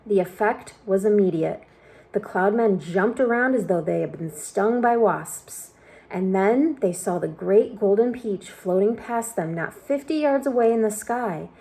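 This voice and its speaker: A woman reads a children's book aloud in an expressive storytelling way. Her voice is warm and mellow, at a middle pitch. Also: a little slow. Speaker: storybook reader.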